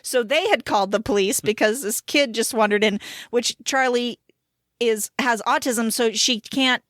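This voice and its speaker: A woman in her thirties co-hosting a casual podcast, an animated storyteller who laughs mid-sentence. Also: a little high, moderate pace, no room sound, clean studio sound. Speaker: podcast co-host. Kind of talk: casual chat.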